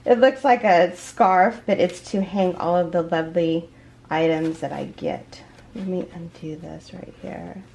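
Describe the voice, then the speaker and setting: A woman vlogging an unboxing at home in a casual chat, gushing and excited, with many fillers and restarts. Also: fairly low pitch, a little slow, vocal fry, a little hiss or hum. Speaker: crochet vlogger.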